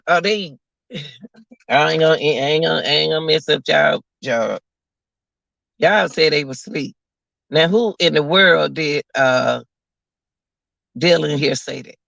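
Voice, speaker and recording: Gravelly, bright-voiced man ranting to viewers. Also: fairly high pitch, dry recording. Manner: incredulous, repeats phrases, talks to viewers as y'all. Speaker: commentary vlogger. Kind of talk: casual live commentary. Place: at work, away from home. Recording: dull lo-fi audio.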